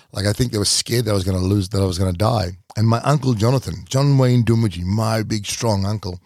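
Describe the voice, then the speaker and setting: A middle-aged Australian man hosting a podcast and telling a personal story, pausing and repeating words as he recalls. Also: lowish voice, no echo, studio quality. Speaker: podcast host.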